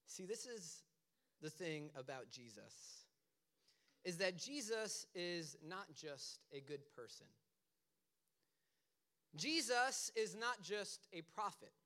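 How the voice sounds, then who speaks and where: Bright, high-voiced male preacher. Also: takes it slowly, long pauses. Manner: animated storytelling with casual asides. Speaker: pastor. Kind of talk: casual conversational sermon.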